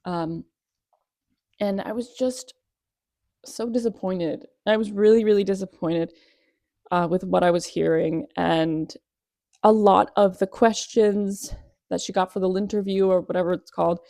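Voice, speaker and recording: A young woman hosts a casual commentary vlog, her tone mellow and relaxed. She talks in an animated, gossipy way, tossing in sarcastic asides. The sound is dry and close, with no room echo. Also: medium pitch, unhurried, vocal fry, long pauses. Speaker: commentary vlogger.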